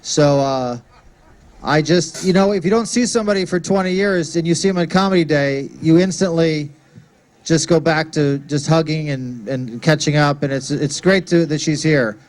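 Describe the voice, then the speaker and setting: A man emcees a comedy show from a stage microphone. He rambles through the introduction and stops often on fillers. His voice sits a little high. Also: moderate pace, darkish tone. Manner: rambling, hesitant with many fillers.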